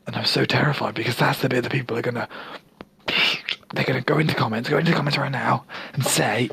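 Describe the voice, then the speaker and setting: A young man co-hosting a casual comedy podcast, rambling and often dropping into a breathy whisper. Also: medium pitch, fairly even intonation, quick pace, fairly bright tone, slight background noise. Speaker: podcast co-host.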